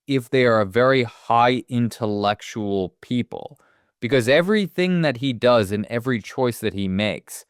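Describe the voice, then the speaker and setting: Smooth-voiced podcast co-host, profane and rambling. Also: male voice, on the low side, no echo, clean studio sound. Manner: rambling, profane, animated asides. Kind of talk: casual movie podcast chat.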